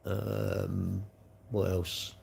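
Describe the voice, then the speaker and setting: A man's voice: deep voice, little pitch movement, drawn-out words, creaky, darkish tone, a little hiss or hum. A middle-aged man rambling cheekily on a live stream, answering chat comments as he goes. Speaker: livestream host.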